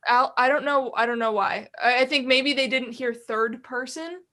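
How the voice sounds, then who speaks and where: A woman co-hosting an online trivia game over a video call. Her voice is high, and she speaks softly and briskly. She calls out players' names and sounds a little unsure at times. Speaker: co-host.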